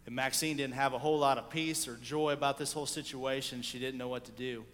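A man preaching a sermon, telling a story with animated swings between loud and hushed delivery. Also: mid-range voice, fast talker, long reverb tail. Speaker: pastor.

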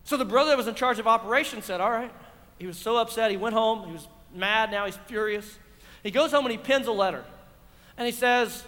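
A man's voice: high-pitched, a little fast, bright, forceful tone, big-room sound. A man preaching a sermon, asking his congregation rhetorical questions. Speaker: pastor. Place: church.

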